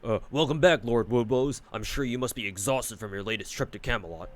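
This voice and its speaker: A man's voice: medium pitch, fairly quick, natural voice. A man voicing a deferential male retainer while reading a game's dialogue aloud.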